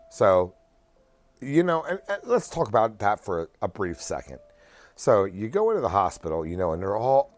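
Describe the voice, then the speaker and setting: A man's voice: on the low side, no echo. A man in his forties telling a story in a blunt, profane, exasperated rant. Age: 40s. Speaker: vlogger. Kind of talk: casual ranting story.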